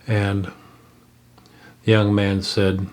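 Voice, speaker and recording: A man telling a story aloud, unscripted, in a halting way with pauses and restarts. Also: on the low side, monotone, darkish tone. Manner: halting, with frequent fillers and restarts.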